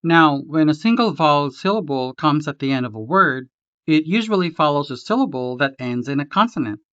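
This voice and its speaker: A man teaching a language lesson, reading a script slowly and carefully, spelling out each syllable. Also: a little high, expressive, bright, forceful tone, smooth, no echo, lo-fi sound. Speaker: language tutor.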